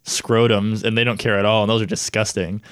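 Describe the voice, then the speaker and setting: Fast-talking man in casual podcast chat. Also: lowish voice, little pitch movement, smooth, no echo, clean studio sound. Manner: rambling, quick, many fillers. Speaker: podcast co-host.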